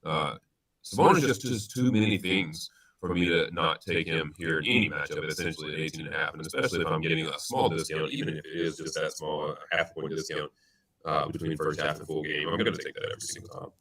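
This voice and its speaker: Deep-voiced guy talking sports bets on a stream, bright punchy tone, lots of uhs and restarts. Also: fast, poor audio. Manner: rambling, many fillers and restarts. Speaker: sports betting show co-host. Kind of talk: casual sports betting chat. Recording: stream audio, sometimes robotic-sounding.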